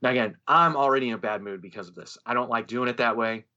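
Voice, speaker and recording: A man on a podcast telling a story in a lively, casual way, swearing and acting out what others said. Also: medium pitch, fast, highs cut off. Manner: animated storyteller, swears freely, acts out quoted voices. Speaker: podcast co-host, musician.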